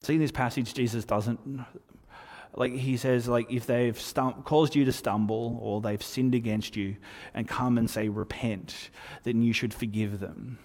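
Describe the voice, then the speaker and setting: A man's voice: medium pitch, normal speed. Man preaching in a reverberant hall. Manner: conversational, animated storytelling with asides. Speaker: pastor. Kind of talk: sermon.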